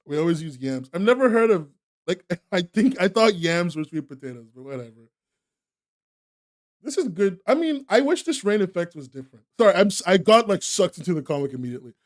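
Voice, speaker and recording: A man's voice: high-pitched, very animated, fairly quick. A young man streaming live, chatting to his viewers with frequent laughter and playful mock outrage. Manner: laughs often, mock outrage, talks to chat.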